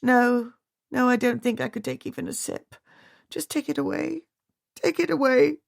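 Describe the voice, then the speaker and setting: A woman's voice: medium pitch, a little slow, vocal fry, dry recording, clean studio sound, pitched above the performer's own voice. A woman voicing a distraught middle-aged widow, her voice pleading, teary and strained as it rises.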